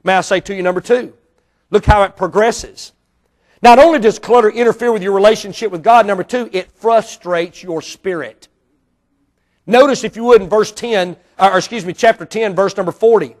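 A man, a Baptist pastor preaching a sermon in a church auditorium, emphatic and swinging between hushed asides and loud outbursts. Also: high voice, moderate pace.

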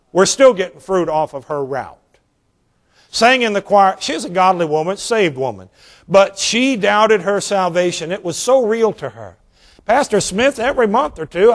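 Evangelist in his fifties, folksy and animated, high voice. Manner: folksy, animated, drawn-out emphasis. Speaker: evangelist preacher. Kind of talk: sermon with storytelling.

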